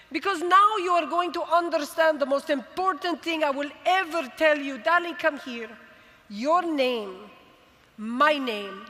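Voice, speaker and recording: A woman's voice: very high-pitched, sharp tone, pitched above the performer's own voice, heavily acted. A woman voicing a proud, tearful father who speaks to his small daughter with swelling, emphatic emotion. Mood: fervent. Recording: long reverb of a big arena.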